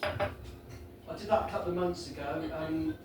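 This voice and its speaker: A man's voice: fairly high pitch, fairly even intonation, a little slow. A man in his sixties performing a self-deprecating stand-up set in a small pub room. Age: 60s. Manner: self-deprecating, wry storytelling. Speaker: stand-up comedian. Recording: echoey far-off pub recording with background noise.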